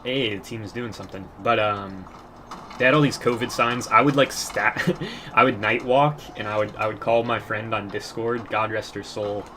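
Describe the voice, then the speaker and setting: A man's voice: fairly low pitch, fairly even intonation, moderate pace, bright, forceful tone, a little hiss or hum. A young man giving casual gameplay commentary, telling rambling stories in a crude, profane way and often laughing.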